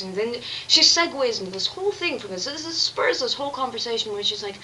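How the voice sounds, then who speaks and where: Young woman, bright tone, candid rambling vlog confession, light room ambience. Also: on the high side, lively intonation, a little fast, a little hiss or hum, rough recording. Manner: candid, earnest, rambling with restarts. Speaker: vlogger.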